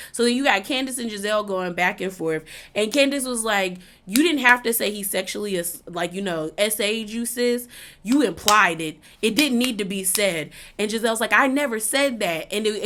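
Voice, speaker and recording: A woman's voice: medium pitch, fairly bright tone. Chatty woman recapping reality TV. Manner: chatty, heavy use of "like", acts out quotes. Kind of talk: casual recap commentary.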